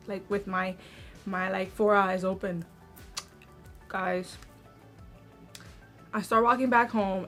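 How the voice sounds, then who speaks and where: A woman's voice: mid-range voice, fairly bright tone. Chatty young woman telling a story. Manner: chatty, many "like" fillers. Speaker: vlogger. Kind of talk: casual story time.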